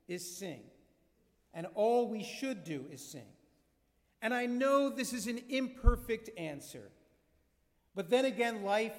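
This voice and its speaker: High-voiced rabbi preaching in a hall. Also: male voice. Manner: storytelling, measured and earnest. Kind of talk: sermon. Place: synagogue sanctuary. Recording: long reverb of a large hall.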